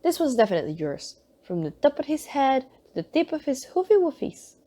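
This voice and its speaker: Nervous gushing nun for an audiobook reading, mellow but lifted higher, voiced by a woman. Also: sing-song, a little fast. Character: flustered chatty middle-aged nun.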